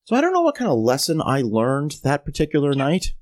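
Brisk and on the high side, this middle-aged podcast co-host rattles through a long comic anecdote. The casual, animated rant is peppered with exaggerated mimicry of the people in his quotes.

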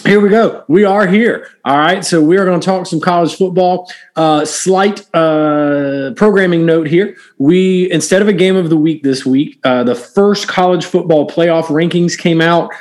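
Animated, chatty higher-voiced man. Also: unhurried, few pauses. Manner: animated, lots of fillers and restarts. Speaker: podcast co-host. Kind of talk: casual sports chat.

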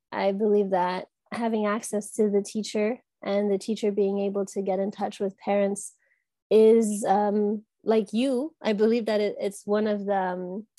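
A woman answering interview questions, thoughtful and halting, with frequent pauses and restarts. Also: mid-range voice, warm tone, no room sound. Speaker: guest from an education app company.

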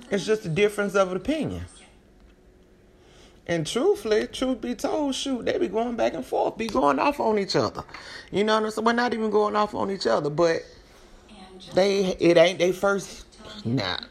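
This podcast host is a woman with a medium-pitched voice offering casual commentary. She's animated, slangy and chatty, and her volume keeps swinging from loud to soft.

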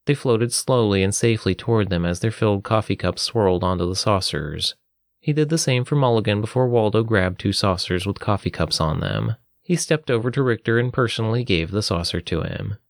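A man narrating a fantasy storybook at a steady, even pace. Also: lowish voice, fairly quick, no echo, studio quality.

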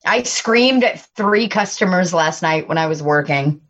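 A woman's voice: on the low side, expressive, measured pace, a bit bright, lo-fi sound. A woman chatting casually with friends, telling crude stories from her restaurant job with plenty of laughter and acted-out quotes. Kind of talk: casual chat among friends. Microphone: phone.

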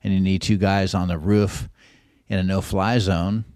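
A middle-aged man with a very low voice, recorded close and dry, telling rambling stories as a podcast guest. He wanders through his anecdotes and acts out the voices of the people he quotes. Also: little pitch movement, normal speed, darkish tone, no room sound. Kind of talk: casual podcast storytelling.

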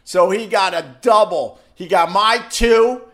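A man live streaming, telling a story in an excitable, animated way with frequent restarts. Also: high voice, measured pace. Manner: excitable, acts out shouted quotes, frequent restarts.

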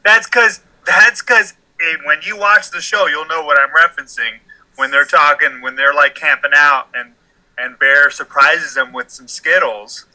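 Bright-voiced man telling a story with laughs. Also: fairly high pitch, steady tone, unhurried, low-quality recording. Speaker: podcast co-host. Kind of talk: casual chat.

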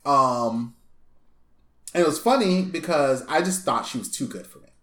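Guy hosting a chat at home, kinda high voice, roomy echo, chatty storyteller. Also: normal speed. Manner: animated storyteller, acts out voices, laughs often. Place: small apartment room. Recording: echoey room.

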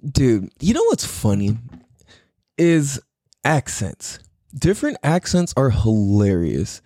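A man's voice: mid-range voice, huge pitch swings, takes it slowly, dark tone, no echo, studio quality. A young man hosting a podcast alone, rambling casually with lots of laughs and slang. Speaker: podcast host. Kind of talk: solo casual podcast chat.

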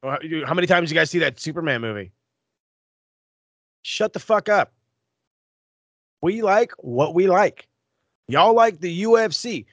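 Profane ranting man, slightly high voice. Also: a little slow, long pauses, no echo, dull audio. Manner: blunt, profane, animated ranting. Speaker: podcast co-host. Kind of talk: casual chat.

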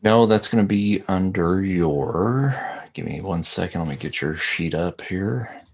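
A man narrating as game master, calmly describing scenes to the players. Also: low-pitched, a little slow, breathy edge.

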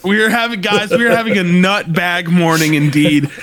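A man co-hosting a podcast in casual chat, jokey and quick to laugh. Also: high-pitched, steady tone, fairly bright tone. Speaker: podcast co-host.

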